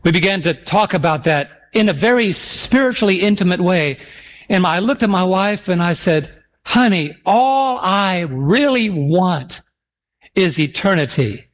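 A middle-aged man preaching a sermon, reading scripture slowly and emphatically and calling for responses from the congregation. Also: high voice, expressive. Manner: calls for audience responses.

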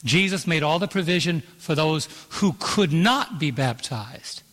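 A pastor in full sermon, a man whose voice sits a little on the high side. He preaches emphatically, stretching out scripture verses and asking the room for "Amen". The sound rings with the long reverb of a church auditorium. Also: expressive, unhurried, fairly bright tone.

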